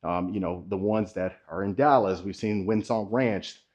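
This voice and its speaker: Slightly out of breath, a man leads viewers on a casual walking tour in and around a model home, chatty and salesy as he addresses them directly. His voice sits low at a moderate pace, a little mellow, with the highs cut off.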